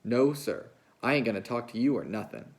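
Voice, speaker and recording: A man reading a novel aloud, voicing a big, slow-witted, childlike ranch hand who talks in a plaintive, pleading way. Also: medium pitch, big pitch swings. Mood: sullen.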